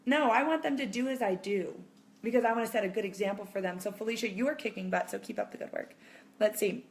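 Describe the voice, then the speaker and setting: A woman in her thirties chatting casually to camera as a mom vlogger, reassuring viewers and acting out quotes in animated voices. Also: mid-range voice, quick pace, a little hiss or hum.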